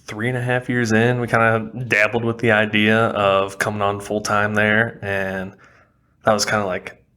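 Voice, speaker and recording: A man's voice: on the low side, flat delivery, moderate pace, pushed and bright, clean tone. A man with a Wisconsin accent, a chef and cooking instructor, talking casually in a podcast interview, laughing often and using lots of fillers.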